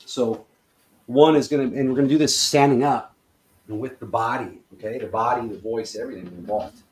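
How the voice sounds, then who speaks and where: A man's voice: mid-range voice, brisk. A man teaching movement exercises in a loose, profane way, talking learners through each step. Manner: loose and profane, acts out worry and whooping excitement. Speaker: movement instructor. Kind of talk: guided exercise instruction. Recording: echoey room, voice from off-mic.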